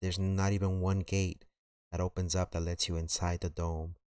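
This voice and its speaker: A man's voice: sits low, little pitch movement, moderate pace, darkish tone, clean tone, no echo, studio quality. A man telling a story on a live stream in a rambling, slangy way, full of fillers.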